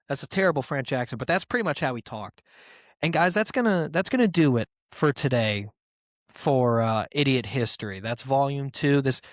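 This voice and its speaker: A man's voice: mid-range voice, lively intonation, moderate pace, dry recording. Brief: male podcast host, irreverent and rambling, swears a lot, mid-range voice, dry close sound. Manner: rambling and profane, with filler words; irreverent and joking. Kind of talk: casual podcast monologue.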